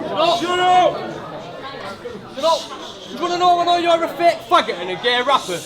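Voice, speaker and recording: Man, crude insulting rap verses, very high voice, crowded bar. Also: big pitch swings, quick pace, a crowd in the background. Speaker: battle rapper. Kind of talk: rap battle verses over a loud crowd. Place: bar venue, indoors.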